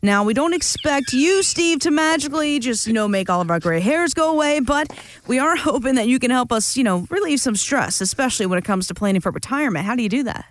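A male talk show host with a high voice keeps the casual chat moving. He sounds upbeat. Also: animated, quick pace, fairly bright tone, slight background noise.

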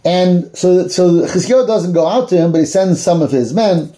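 A male teacher retells a Bible story in a conversational, storytelling way, sometimes pausing to search aloud for words. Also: high-pitched, mellow.

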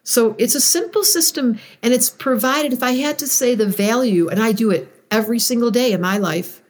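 A woman guest in a conversational interview, expressive, acting out moods as she explains ideas. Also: normal speed. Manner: expressive, acts out moods with big pitch swings. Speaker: astrologer guest.

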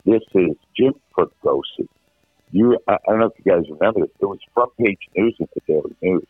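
A middle-aged man with a very low, husky voice tells stories in an animated, casual way, often restarting his sentences. He comes through a thin, phone-like line. The sound is dry, with no room around him. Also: fairly quick, dry recording, faint music behind. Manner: animated anecdotal, frequent restarts. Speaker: veteran sports radio host, guest. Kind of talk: casual storytelling chat.

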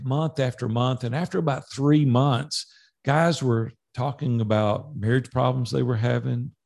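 A man who is a business coach, a podcast guest telling animated stories and acting out past conversations in dialogue. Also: medium pitch, vocal fry. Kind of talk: storytelling in a podcast interview.

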